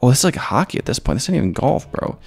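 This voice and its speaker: A man giving excitable, jokey gameplay commentary as a gaming YouTuber, throwing in mock-Spanish phrases. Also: medium pitch, rapid-fire, creaky, husky.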